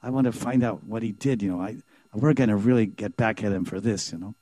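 A man voicing an eager, excitable young cowherd woman in a devotional story, with high, breathless exclamations. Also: fairly quick, no echo, lightly acted.

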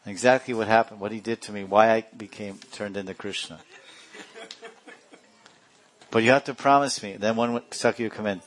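A man's voice: lowish voice, steady tone, normal speed, long pauses, a little hiss or hum. Playful man telling sacred stories. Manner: playful, laughs often, acts out characters. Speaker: religious teacher. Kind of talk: storytelling religious discourse.

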